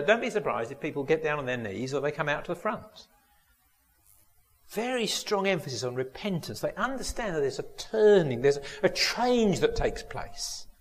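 A man delivering a sermon in a lively, rising and falling voice, pitched a little high for a man. He preaches earnestly and puts questions straight to his listeners. His voice rings with the long reverb of a church hall. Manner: earnest, asks the congregation direct questions.

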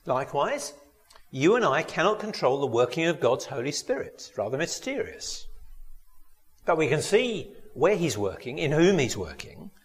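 A man delivering a sermon in a lively, rising and falling voice, pitched a little high for a man. He preaches earnestly and puts questions straight to his listeners. His voice rings with the long reverb of a church hall. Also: normal speed. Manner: earnest, asks the congregation direct questions.

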